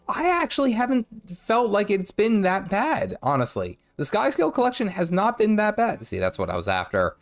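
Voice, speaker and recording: A gaming streamer with a sore throat gives animated, casual commentary while playing live. His voice is high, at a moderate pace with few pauses, and he rambles, corrects himself, and hums or sings nonsense to himself.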